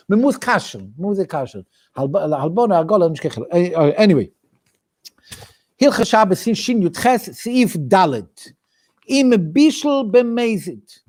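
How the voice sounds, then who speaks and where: A male rabbi leads a weekly study class in English with a strong Yiddish flavor. His voice sits high, and he moves through the material in a sing-song study cadence, thinking aloud and restarting phrases as he goes. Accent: Yiddish-inflected English. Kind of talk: Talmudic study lecture.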